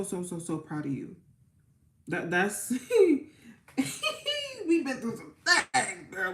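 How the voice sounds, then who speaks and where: A woman tarot reader talks to her viewers in a loose, chatty way and often repeats her words. Her voice sits a bit low, and the room gives it a noticeable echo. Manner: warm, chatty, repeats herself, near tears at times. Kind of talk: casual livestream chat and spoken prayer. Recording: roomy echo.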